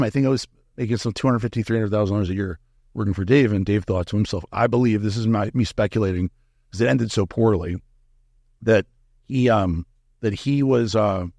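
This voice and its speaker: Gravelly-voiced man telling blunt stories. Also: on the low side, a little mellow, no echo, clean studio sound. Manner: candid, profane, acts out quoted dialogue. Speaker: guest, supplement company founder. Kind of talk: casual interview storytelling.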